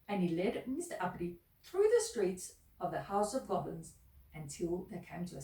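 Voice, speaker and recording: Storyteller: a woman reading to kids with a lively, sing-song delivery, echoey room, mic at a distance. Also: on the low side, normal speed, gravelly.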